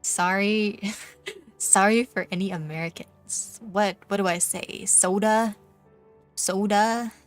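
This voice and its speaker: A woman's voice: mid-range voice, fairly even intonation, a little slow. A young Canadian woman streamer with a Canadian accent, chatting casually and teasingly with viewers while gaming, full of fillers. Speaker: VTuber streamer. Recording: faint background music.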